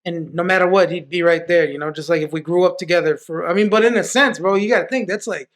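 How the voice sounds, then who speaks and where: A man's voice: high voice, quick pace, fairly bright tone. A man, a podcast guest, telling stories in a loose, profane way full of restarts. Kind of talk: casual storytelling.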